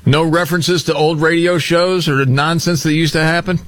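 A man's voice: fairly high pitch, moderate pace, no room sound. A man hosting a talk radio show, leading segments with jokey banter. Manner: lively, jokey, leads segments. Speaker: radio host.

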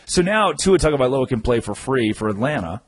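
A man's voice: mid-range voice, sing-song, brisk, breathy edge, poor audio. A man hosting a sports talk radio show, delivering an emphatic, storytelling monologue.

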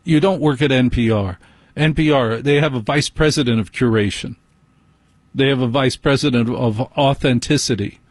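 Blunt male talk host, sarcastic rant, slightly husky, dry mic. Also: medium pitch, normal speed, dry recording. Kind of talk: opinionated talk radio monologue.

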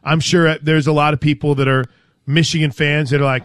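A man hosting a sports talk show, animated and joking as he chats with his co-host. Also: on the high side, a little fast, no room sound, clean studio sound.

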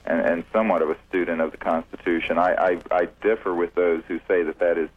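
Husky low-voiced man on a phone line. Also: little pitch movement. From United States. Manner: deliberate, halting with many fillers and restarts. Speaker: UFO researcher guest. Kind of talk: radio interview.

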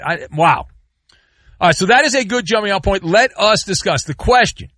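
Middle-aged guy on sports radio, lively bright voice, rambling sarcastic rants, dry close mic. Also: sits high, normal speed, no echo. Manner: animated, rambling, sarcastic rants with mock outrage. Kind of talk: sports talk radio with live ad reads.

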